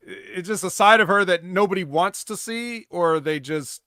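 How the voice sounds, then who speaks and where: A man's voice: high-pitched, normal speed, sharp tone, no echo, clean studio sound. A man co-hosting a wrestling podcast, rambling storyteller who drifts between thoughts. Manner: rambling, many "like" fillers and restarts. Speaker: podcast co-host. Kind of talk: casual wrestling podcast chat.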